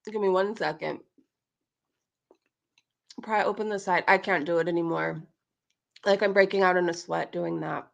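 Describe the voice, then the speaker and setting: A woman's voice: fairly low pitch, fairly even intonation, normal speed, vocal fry, long pauses. A woman hosting a casual livestream, chatting to her viewers and laughing often. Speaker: livestream host.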